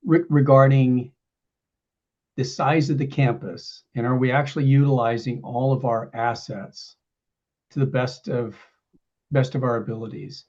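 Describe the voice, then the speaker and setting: A committee member who speaks haltingly and thoughtfully as he poses a question, with restarts. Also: medium pitch, steady tone, darkish tone, lo-fi sound. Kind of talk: meeting question.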